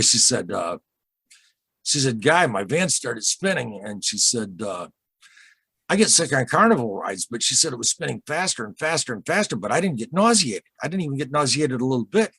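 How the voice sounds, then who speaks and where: A man with a husky voice tells his own strange story to an interviewer. He rambles, repeats himself and restarts, and his voice sits at an ordinary pitch. The sound is close and dry. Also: a bit bright, no echo. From Michigan, USA. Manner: rambling, halting, with many repeated starts and asides. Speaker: interview guest recounting a UFO encounter. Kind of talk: emotional storytelling in a casual interview.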